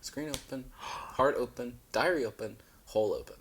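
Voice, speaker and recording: A man's voice: medium pitch, normal speed, a little hiss or hum. A young man chatting casually as a guest, telling stories with flamboyant, sassy flair. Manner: flamboyant, animated storytelling with sassy asides. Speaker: guest, actor. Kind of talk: casual chat.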